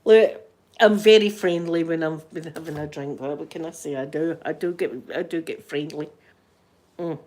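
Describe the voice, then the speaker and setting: A woman's voice: low-pitched, moderate pace, a little mellow. A middle-aged woman with a Scottish accent, chatting casually with viewers and telling a story, often laughing as she talks. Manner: chatty, laughing storyteller, talking to live chat. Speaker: ASMR streamer chatting with viewers. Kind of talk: casual chat.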